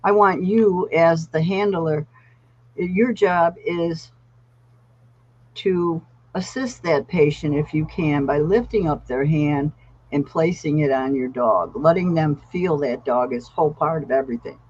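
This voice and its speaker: Woman, therapy dog trainer, animated storyteller, podcast guest, dull lo-fi recording. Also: deep voice, unhurried, slightly rough. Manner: animated storyteller acting out voices.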